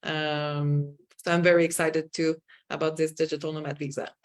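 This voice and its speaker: A woman with a Québécois French accent hosts a video-call webinar, friendly and a little hesitant. Her voice sits fairly low for a woman. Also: little pitch movement, normal speed. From Quebec, Canada. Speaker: webinar host. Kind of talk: casual webinar hosting.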